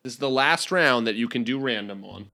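Bright-voiced man hosting a quiz. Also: medium pitch, expressive, fairly quick. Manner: announcing, playful, laughs between rulings. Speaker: quiz host. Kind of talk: game show quiz hosting.

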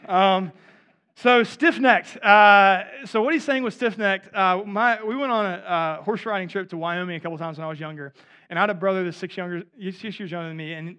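Preaching in a high voice that sounds pushed and bright, this pastor in his thirties keeps his sermon conversational. "Right?" comes up often as he addresses the crowd.

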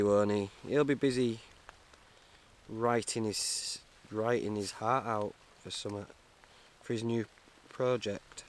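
A young man chats through a solo podcast from inside his tent, full of jokes at his own expense. His voice sits at an ordinary middle pitch. He talks into a small mic mounted on his camera. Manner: jokey, chatty, self-mocking. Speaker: podcast host. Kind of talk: rambling solo podcast chat.

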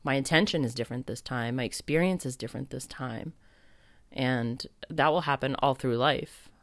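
A woman's voice: a bass voice, moderate pace, no room sound. A woman hosting her podcast, telling a story in a chatty, reflective way full of "like" fillers. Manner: reflective, spiritual. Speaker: podcast host. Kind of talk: casual storytelling monologue.

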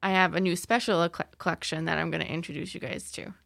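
Gravelly, bright-voiced giggly woman. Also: on the low side, fairly even intonation, fast, dry recording, studio quality. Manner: giggly, chatty, lots of fillers. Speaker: librarian guest. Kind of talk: casual book recommendations.

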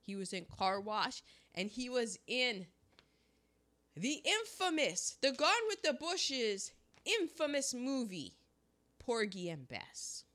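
A woman co-hosting a podcast in casual chat, talking with a sore throat and an animated manner. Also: slow pace. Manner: animated, rising to high exclamations. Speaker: podcast co-host. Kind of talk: casual chat about old movies.

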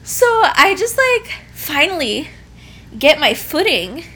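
A young pregnant woman tells a story in a relaxed chat, her voice high and lively, rising and falling widely. She keeps breaking into laughter and swears casually. Her delivery is unhurried and bright.

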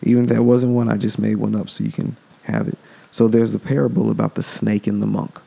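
Gravelly, dark-voiced man. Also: fairly low pitch, little pitch movement, a little fast. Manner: rambling, loose, cursing. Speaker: podcast host. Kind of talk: casual solo monologue.

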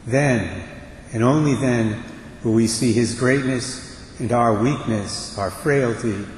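A priest preaches a homily in a measured, deliberate way, leaving pauses between his phrases. His voice rings through a church with a long reverb, and a faint background hiss sits underneath. He is speaking into a pulpit microphone. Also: mid-range voice, a little mellow.

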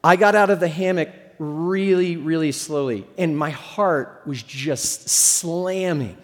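A man's voice: high voice, moderate pace. A middle-aged man preaching a sermon as pastor, telling stories in a conversational, humorous way. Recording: long hall reverb.

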